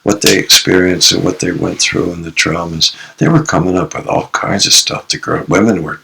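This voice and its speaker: A man who is a psychologist and author, a podcast guest telling his stories in an animated way and acting out the quotes. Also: low-pitched, creaky, low-quality recording. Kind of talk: storytelling interview.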